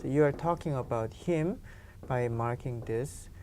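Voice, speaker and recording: A woman's voice: extremely low pitch, measured pace, dark tone, a little hiss or hum. A woman teaching a grammar lesson, explaining patiently and often saying "you know". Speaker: Korean language teacher.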